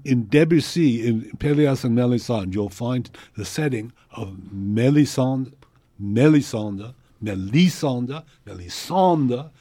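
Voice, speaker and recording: A man's voice: medium pitch, mellow, breathy edge, no room sound. A man, a composer, answering interview questions in a thoughtful, explanatory way with frequent hesitations.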